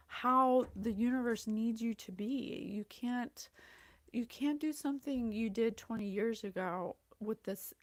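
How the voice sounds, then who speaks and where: A woman's voice: a little high, no echo. A woman psychic host chatting through a casual livestream reading, effusive and gushing, greeting viewers by name. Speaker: psychic reader and show host. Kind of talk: casual livestream channeling talk.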